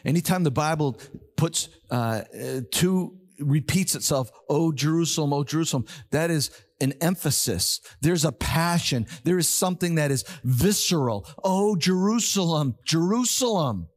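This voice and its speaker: An older man preaching a sermon as pastor, emphatic, slowing down and repeating key words to drive them home. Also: on the high side.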